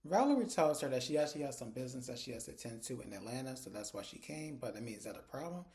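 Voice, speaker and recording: Male episode reviewer, chatty casual recap, medium pitch. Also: animated, very fast, a little mellow. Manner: chatty, conversational.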